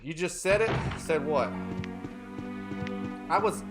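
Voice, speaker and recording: A man's voice: high-pitched, expressive, slow, loud music behind the voice. A man streaming a game live, joking around and chatting with his viewers in a playful, teasing way. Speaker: livestreaming gamer. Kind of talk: casual live-stream chat.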